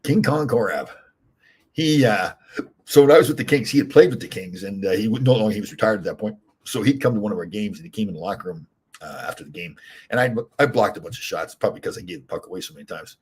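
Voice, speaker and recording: Husky-voiced older man rambling fast. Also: on the low side, a little mellow. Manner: rambling, many fillers and restarts. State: hiccups. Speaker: podcast host, former hockey player. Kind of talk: casual solo talk.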